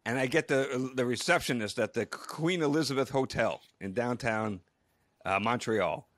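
A man's voice: medium pitch, moderate pace, a bit bright, no room sound, clean studio sound. A middle-aged man co-hosting a podcast, telling stories casually with stammered restarts and frequent laughs. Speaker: podcast co-host. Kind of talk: casual storytelling chat.

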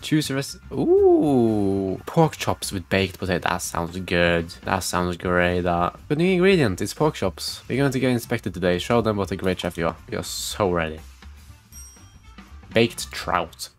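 A man with a fairly low voice gives running commentary while playing a game. He reads on-screen text aloud, swears freely and jumps between muttering and loud outbursts. Faint music sits underneath. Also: very animated, unhurried. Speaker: gaming video creator. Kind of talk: gameplay commentary.

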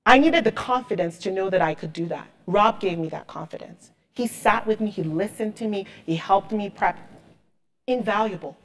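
A woman's voice: mid-range voice, moderate pace. Emphatic, motivational woman on stage. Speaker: marketing executive, guest speaker. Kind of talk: onstage interview.

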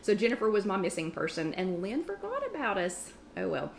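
A woman with a Southern US accent hosting a live online chat, talking fast and chatty with quick asides as she greets viewers. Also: mid-range voice, sing-song, vocal fry, slight background noise.

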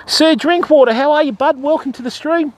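Australian man, high-pitched voice, casual fishing livestream chat, riverside outdoors, slangy and chatty. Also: fairly quick. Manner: chatty, greets viewers by name, slangy. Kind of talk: casual live-stream chat.

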